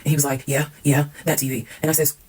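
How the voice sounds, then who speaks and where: A woman's voice: sits low, level tone, fast talker, darkish tone, breathy edge, low-quality recording. A woman telling a personal story in a casual storytime monologue, candid and emphatic, swearing freely.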